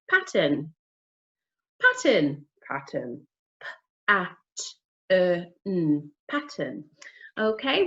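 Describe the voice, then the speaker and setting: A woman training teachers, modelling words and questions for young children in a clear, expressive teacher voice. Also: medium pitch, muffled recording. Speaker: literacy trainer.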